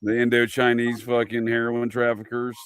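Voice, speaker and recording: A man's voice: medium pitch, monotone, normal speed, slight background noise. A man co-hosting a casual show, bantering about movies with mock-formal jabs. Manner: mock-formal, says "dude" a lot.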